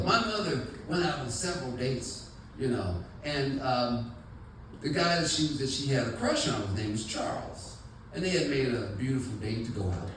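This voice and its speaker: Chatty male stand-up comic, lively voice. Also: mid-range voice, heavy reverb, recorded from a distance, slight background noise, rough recording. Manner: rambling, chatty, many fillers. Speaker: stand-up comedian. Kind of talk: stand-up comedy set. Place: comedy club stage with audience. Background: audience laughter.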